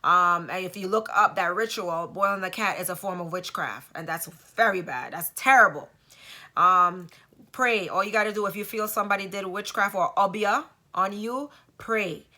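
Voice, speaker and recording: Emphatic woman telling a story, bright tone. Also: medium pitch, normal speed. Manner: emphatic, with rhetorical asides. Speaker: vlogger. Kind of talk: casual storytelling monologue.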